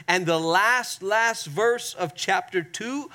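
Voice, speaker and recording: A man's voice: high-pitched, sharp tone. A man preaching a sermon, stretching key words and asking the congregation to repeat after him. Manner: emphatic, drawn-out stresses, asks the congregation to repeat. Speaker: pastor.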